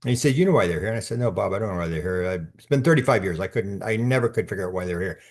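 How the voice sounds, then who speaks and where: A man's voice: on the low side, animated, racing. An older man, a podcast guest telling a long anecdote in a rambling way, full of restarts and repeated words. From Canada. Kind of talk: storytelling in conversation.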